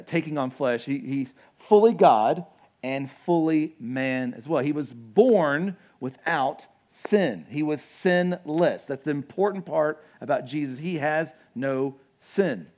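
A young adult man preaching a sermon as pastor, conversational and animated, with asides and acted-out quotes. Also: on the high side.

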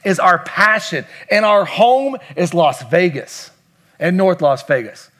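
Slow but very animated, this middle-aged Kentucky pastor preaches in a high, fairly bright voice. He delivers the sermon emphatically, asking his congregation questions and saying lines over again.

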